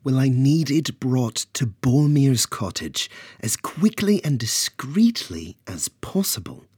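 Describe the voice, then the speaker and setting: A man voicing a calm, sarcastic, commanding goddess in a storybook reading. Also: medium pitch, slow pace, breathy edge, no room sound, clean studio sound, pitched above the performer's own voice, heavily acted. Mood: cool.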